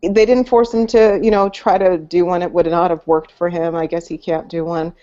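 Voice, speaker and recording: A woman's voice: fairly low pitch, steady tone, normal speed, mellow. A woman co-hosting a casual movie podcast, rambling with many fillers and restarts over a video call. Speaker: podcast co-host. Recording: dull lo-fi audio.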